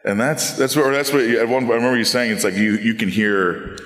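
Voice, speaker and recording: A man's voice: medium pitch, quick pace, a bit bright. A male actor on a live convention panel, joking at his own expense. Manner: self-mocking, joking. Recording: echoey hall, live event.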